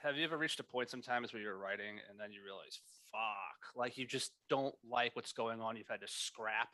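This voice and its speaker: Fast-talking blunt male co-host. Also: mid-range voice, sharp tone. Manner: blunt, crude, curious questions. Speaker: podcast co-host. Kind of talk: casual chat.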